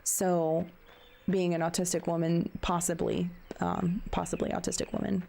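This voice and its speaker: A woman's voice: fairly low pitch, little pitch movement, moderate pace, creaky, dark tone, a little hiss or hum. Candid, self-questioning woman in her thirties. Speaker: stream co-host. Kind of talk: casual chat.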